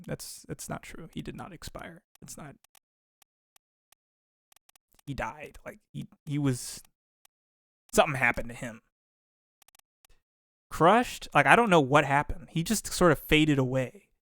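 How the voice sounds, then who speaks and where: A man's voice: mid-range voice, a little slow, creaky, fairly bright tone, no room sound. A man hosting a let's play, commenting casually on a puzzle game and thinking aloud in rambling, restarting sentences. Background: background music.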